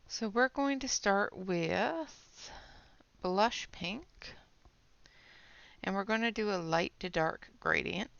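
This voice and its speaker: A woman's voice: mid-range voice, slow pace, gravelly, a bit bright, clear, resonant tone, no echo. A woman hosting a colouring channel, chatting step by step through a pencil demo, a little out of breath. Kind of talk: casual product demo while colouring. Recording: dull lo-fi audio.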